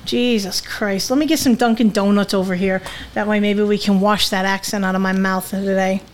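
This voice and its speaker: A woman's voice: medium pitch, steady tone, normal speed. A woman co-hosting a podcast in casual chat, with a Southern US accent that slips into New England, talking bluntly and joking crudely. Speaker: podcast co-host.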